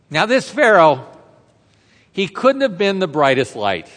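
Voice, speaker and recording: A man preaching a sermon as a pastor, retelling a story in a conversational way and throwing rhetorical questions to the congregation. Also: high voice. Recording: reverberant hall sound.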